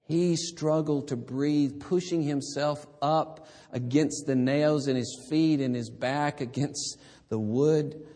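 A man preaching a sermon, swinging between hushed, quiet passages and loud, emphatic ones. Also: on the high side, slow pace, in a large hall.

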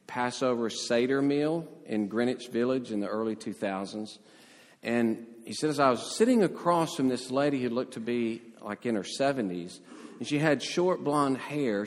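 Storytelling male preacher in a reverberant hall. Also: medium pitch. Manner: storytelling, animated voices for quotes. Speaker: pastor. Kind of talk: sermon.

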